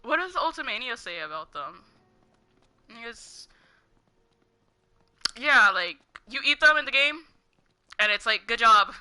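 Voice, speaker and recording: A young woman with a very bright, sharp voice talks casually while she plays a game. She rambles and rants, laughs often, and says "like" constantly. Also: fairly high pitch, sing-song, a little slow, pauses often, faint music behind. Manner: giggly, heavy use of "like", ranting. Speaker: gaming streamer. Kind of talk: casual gameplay commentary, rambling.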